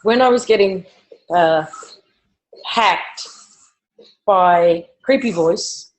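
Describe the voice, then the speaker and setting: A woman's voice: mid-range voice, very slow, low-quality recording. Blunt woman on a live online show. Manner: animated, blunt, swearing. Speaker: podcast co-host. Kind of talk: casual live show chat.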